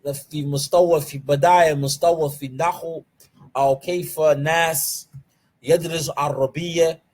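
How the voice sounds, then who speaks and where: High, husky-voiced man teaching grammar. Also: steady tone, a little mellow. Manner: asks the class rhetorical questions, then answers them; repeats key terms slowly and drills them. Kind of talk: live online class lecture.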